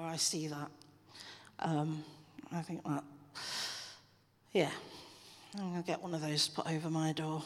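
A woman giving a chatty, earnest church talk, then leading a prayer. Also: lowish voice. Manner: chatty, earnest, encouraging with asides. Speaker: church speaker. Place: church hall. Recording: long echo of a church hall.

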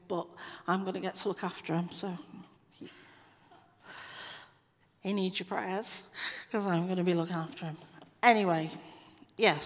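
Woman speaking in a church hall. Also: medium pitch. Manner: chatty, earnest, encouraging with asides. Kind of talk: informal church talk and prayer. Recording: long echo of a church hall.

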